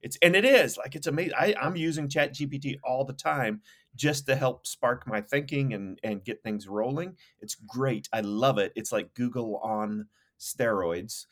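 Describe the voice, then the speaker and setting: A man's voice: mid-range voice, normal speed, fairly bright tone. A man co-hosting a podcast, talking through ideas casually and enthusiastically, with many fillers and restarts. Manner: enthusiastic, thinking aloud with fillers. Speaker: podcast co-host. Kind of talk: casual conversation.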